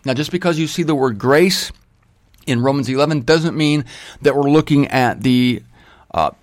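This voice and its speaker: A man's voice: mid-range voice, moderate pace, dry recording, clean studio sound. A man teaching the Bible in an informal sermon, with folksy, self-deprecating asides and jokes.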